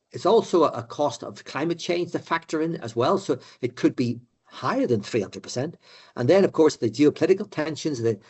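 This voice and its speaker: A man's voice: mid-range voice, darkish tone, husky. An older man giving a conversational economics talk to a room of finance professionals, with frequent fillers and repeated words. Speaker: economic adviser lecturing finance directors. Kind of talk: live presentation to an audience.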